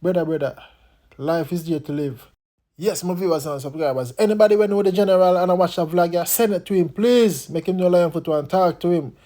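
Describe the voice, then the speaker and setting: A man's voice: high-pitched, fairly quick, warm tone. A man with a Jamaican accent hosting a commentary vlog, making pleading, preacher-like appeals. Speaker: vlog host.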